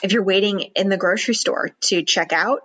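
A woman public speaking coach chatting in an interview, slipping into quick acted-out inner voices to make her point. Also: mid-range voice, fairly bright tone, breathy edge, rough recording. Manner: acts out worried inner voices in quick asides. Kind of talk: podcast interview chat.

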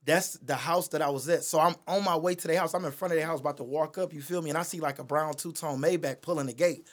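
Fast-talking man telling a wild story. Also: a little high. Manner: lively storyteller, slangy, laughs mid-story. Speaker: guest comedian telling a story. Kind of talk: animated anecdote in a podcast chat.

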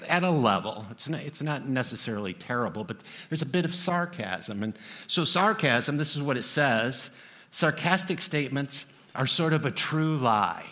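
Bright-voiced man preaching casually. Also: medium pitch. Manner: conversational, humorous asides to the congregation. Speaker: pastor. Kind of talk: sermon.

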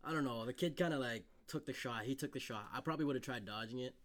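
A man co-hosting a casual podcast reads out news stories, then riffs on them with loose, profane commentary. He talks fast in a medium-pitched voice.

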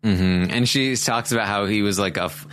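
A man's voice: on the low side, moderate pace, a little hiss or hum. A man hosting a podcast, recapping events in an easygoing chat, with lots of fillers and restarts. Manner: animated storytelling with many fillers and restarts. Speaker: podcast host.

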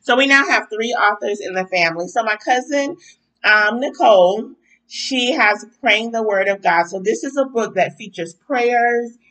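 A chatty woman hosting a casual podcast stream, her voice bright and forward. She sounds a little stuffy-nosed and talks loosely, with plenty of ums and a relaxed, familiar tone with her listeners. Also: on the high side, moderate pace, poor audio. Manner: chatty, warm-spoken with frequent um and y'all. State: stuffy nose. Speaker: podcast host. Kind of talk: casual livestream chat.

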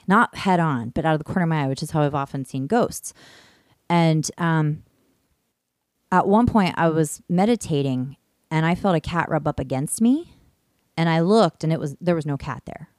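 A woman with a fairly low voice tells a loose, animated story on a podcast. She laughs often, swears freely, and starts sentences over. The sound is close and dry. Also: no echo. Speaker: podcast host. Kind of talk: casual storytelling chat.

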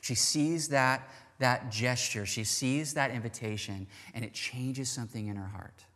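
A man's voice: mid-range voice, a little slow, fairly bright tone. A man preaching a casual, chatty sermon to a congregation. He acts out the quoted lines in little voices as he goes. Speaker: pastor. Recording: long hall reverb.

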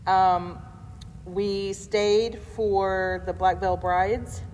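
A woman hosting a relaxed chat, spinning anecdotes and acting out what people said with a laugh never far off. Her voice carries a long, roomy reverb, with a faint hiss underneath. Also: medium pitch, very slow. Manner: animated storyteller, laughs often, acts out quotes. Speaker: podcast host. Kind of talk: casual chat.

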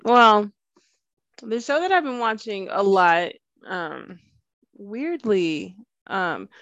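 A woman's voice: medium pitch, lively intonation, takes it slowly, a bit bright, dry recording. Woman podcast co-host, casual and talkative, laughs a lot; dry, slightly muffled recording. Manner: chatty, laughs often, acts out quotes. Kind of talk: casual chat.

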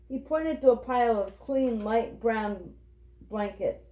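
A woman reading a children's book aloud with clear, steady storytelling. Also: on the high side, slow pace. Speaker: reader. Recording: roomy, dull lo-fi.

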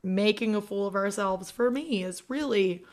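A woman's voice: mid-range voice, moderate pace. An American woman co-hosting a history podcast in casual, jokey chat, laughing often. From United States. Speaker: podcast co-host.

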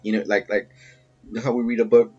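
Casting: husky, lowish male storyteller, swears a lot, rambles, dull lo-fi sound with faint music behind. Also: quick pace. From Salvadoran family. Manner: profane, rambling, animated when telling the story. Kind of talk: casual storytelling.

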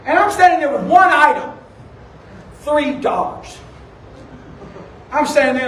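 A pastor with a strikingly high voice preaches in a loose, storytelling way. He sounds a little distant from the mic, and his voice rings in a roomy, echoing sanctuary over faint background noise. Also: animated, moderate pace, long pauses, a bit bright. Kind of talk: sermon. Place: church sanctuary. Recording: echoey room, distant from the mic.

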